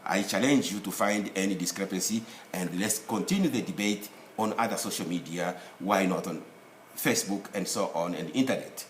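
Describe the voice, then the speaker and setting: A man's voice: sits low, normal speed. A man with an African English accent teaching an English spelling and pronunciation lesson, repeating words to drill them. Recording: echoey room, faint background noise.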